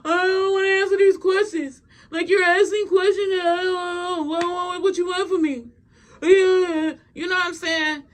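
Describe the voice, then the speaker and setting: A clingy young woman whines and pleads in a high, teary voice, as a woman puts her on for a gossip vlog. The voice sits well above the speaker's usual pitch and wobbles as if close to tears. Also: little pitch movement, normal speed. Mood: flustered crying. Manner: whining, pleading, half crying.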